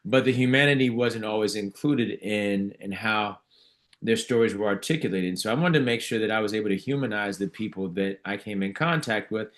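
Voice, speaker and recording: A middle-aged man, a physician and author, telling stories in a relaxed, reflective way and often restarting his sentences. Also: on the low side, brisk. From United States. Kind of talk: conversational storytelling in an interview.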